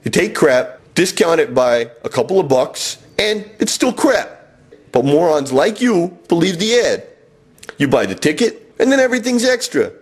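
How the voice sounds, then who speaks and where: A man's voice: a little high, sing-song, moderate pace, breathy edge, voice pushed up. A man voicing his own father as a sarcastic, hectoring older man who rants. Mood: mocking. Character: narrator's scornful father, a man of the older generation, nagging.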